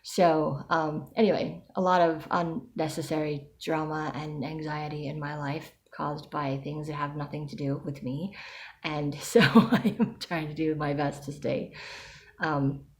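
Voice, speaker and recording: A woman's voice: deep voice, steady tone, unhurried, darkish tone. A woman talking through her anxiety in a chatty personal video diary. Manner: anxious, chatty, self-reassuring. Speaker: vlogger.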